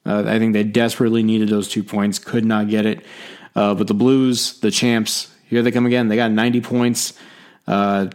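Male podcast host, casual sports chat, quick, rambling, self-deprecating. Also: on the low side, little pitch movement, darkish tone.

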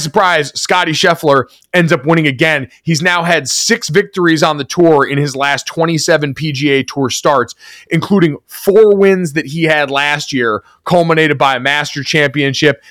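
A man's voice: fairly high pitch, moderate pace, a bit bright, no room sound, clean studio sound. A young man from Connecticut co-hosting a sports podcast, telling stories and teasing his co-host in casual chat. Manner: storytelling, wry teasing.

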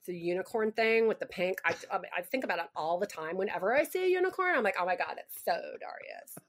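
A woman's voice: lively intonation, quick pace, natural voice. A woman voicing a giddy young female Valley Girl who gushes breathlessly. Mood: gushing. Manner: breathless, giddy, high-pitched gushing.

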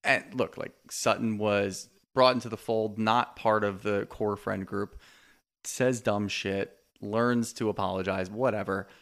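A man co-hosting a podcast in casual chat, animated and swearing freely, often acting out what others said. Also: lowish voice, a little slow. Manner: animated, acts out quoted lines. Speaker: podcast co-host.

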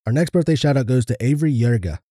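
A man co-hosting a podcast, reading birthday shout-outs in a plain, understated way. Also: mid-range voice, fast, no room sound, clean studio sound. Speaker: podcast co-host.

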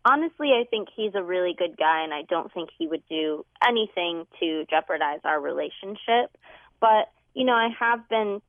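A young woman calls in to a radio advice show, heard over a tinny phone line. Her voice sits a little low, and the sound is dry. She speaks earnestly and a bit hesitantly, with frequent ums. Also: expressive, moderate pace, no room sound. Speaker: caller. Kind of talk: phone-in question. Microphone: telephone.

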